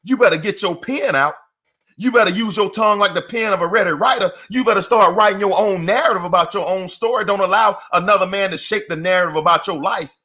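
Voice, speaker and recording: A man's voice: sits high, fast, pushed and bright, husky. A middle-aged man giving a motivational talk in an emphatic, repetitive, preacher-like cadence. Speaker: motivational speaker.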